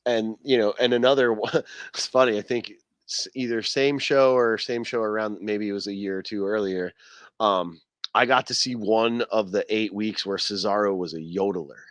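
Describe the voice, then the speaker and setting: A man's voice: lowish voice, fairly even intonation, moderate pace, no echo. A man hosting a podcast in casual wrestling chat, telling stories in a rambling, enthusiastic way with lots of fillers. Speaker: podcast host.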